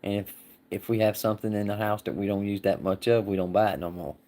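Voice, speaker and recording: A man's voice: lowish voice, steady tone, fast talker, dark tone. A man hosting a casual livestream, answering viewers in a rambling, folksy way and laughing often. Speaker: livestream host.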